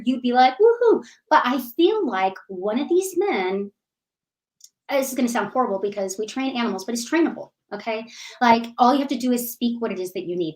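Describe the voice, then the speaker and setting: A woman giving a live psychic reading, animated and affectionate, calling listeners sweetie and honey. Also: fairly high pitch, rough recording. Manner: animated, bubbly, laughs often. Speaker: psychic reader.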